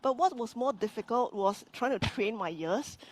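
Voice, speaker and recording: Animated woman coach. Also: on the high side, moderate pace. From Singapore. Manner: earnest, animated storytelling with frequent restarts. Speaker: business coach. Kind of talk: live-stream interview guest.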